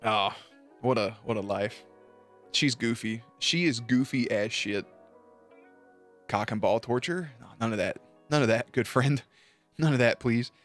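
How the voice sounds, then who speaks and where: A man's voice: mid-range voice, unhurried, pauses often, a bit bright, soft background music. A young man streaming live, telling stories to his chat in a casual, profane and laughing way.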